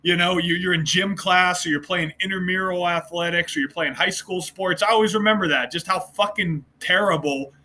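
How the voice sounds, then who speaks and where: A man's voice: sits high, fairly even intonation, normal speed, hardly any pauses, sharp tone, slight background noise. A man ranting to his viewers in a mocking, profane monologue, often laughing at his own points. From United States. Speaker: online commentator.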